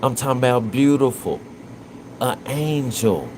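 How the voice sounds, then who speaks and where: A man's voice: medium pitch, lively intonation, unhurried, noisy background. A man, live-streaming emotional commentary and talking earnestly and repetitively to his chat.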